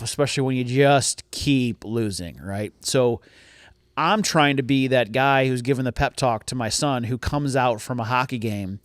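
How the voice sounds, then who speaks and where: A middle-aged man co-hosting a podcast tells a family story in a candid, self-mocking way, with easy swearing. His voice sits at an ordinary pitch for a man. The sound is dry, with no room echo. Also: smooth. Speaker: podcast co-host. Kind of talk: casual storytelling chat.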